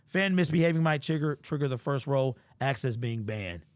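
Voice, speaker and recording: A man's voice: mid-range voice, lively intonation, normal speed, no echo. Man, sports commentary host, hyperbolic joking, dry close sound, slangy chatter.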